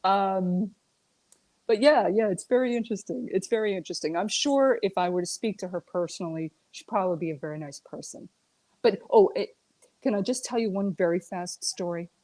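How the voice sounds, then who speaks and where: A woman's voice: medium pitch, normal speed, no room sound. A woman from the United States, a regular correspondent chatting casually and telling stories with lots of laughter. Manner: animated storyteller, laughs a lot. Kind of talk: casual chat.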